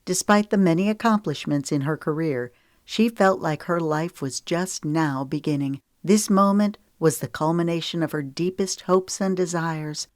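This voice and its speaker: An audiobook is narrated by a woman whose voice is notably low, delivered evenly and with measured pacing. The recording sounds dry and close, without any room sound or echo.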